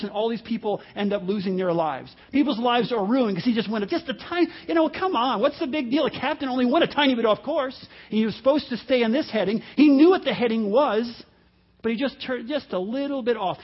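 A high-pitched male pastor preaching earnestly, often repeating himself and slipping into quoted voices. The recording is dull and lo-fi. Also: slightly rough. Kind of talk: sermon. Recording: dull lo-fi audio.

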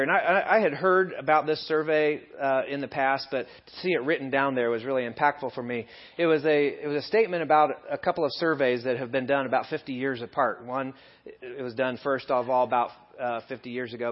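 Man preaching, lo-fi recording. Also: medium pitch. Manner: conversational, building to animated emphasis. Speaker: lay preacher. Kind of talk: sermon. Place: church hall. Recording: dull lo-fi sermon recording.

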